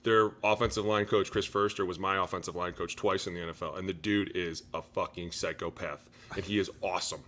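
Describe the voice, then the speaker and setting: A man, a former pro lineman co-hosting a sports podcast, talking in an animated, profane, casual way and acting out other people's voices. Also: low voice, brisk. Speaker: former NFL offensive lineman, podcast co-host.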